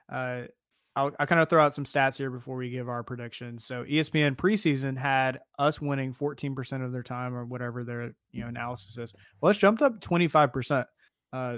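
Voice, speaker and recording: Man, podcast co-host, laid-back sports talk, mid-pitched, dry close mic. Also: clean tone, no echo. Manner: relaxed, laid-back, many fillers. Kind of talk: casual sports chat.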